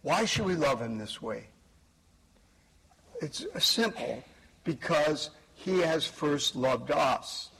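A man, a priest, preaching a homily at Mass in a church, slow and measured, stressing key words. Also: a little high, animated, creaky, fairly bright tone, a little hiss or hum, rough recording.

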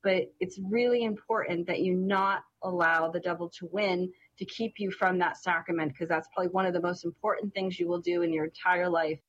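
Brief: middle-aged woman co-host, distinctive voice, lively storyteller, faint ambience behind. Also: on the low side, a little fast, few pauses, lo-fi sound, a little hiss or hum. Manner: animated, laughs through her story. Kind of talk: casual storytelling chat.

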